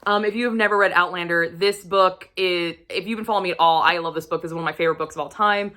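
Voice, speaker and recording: A woman vlogger recommending romance books to camera, gushing and swearing freely, sometimes dropping into a breathy whisper. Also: fairly low pitch, fairly even intonation, quick pace, pushed and bright. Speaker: book reviewer. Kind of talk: casual book recommendation vlog.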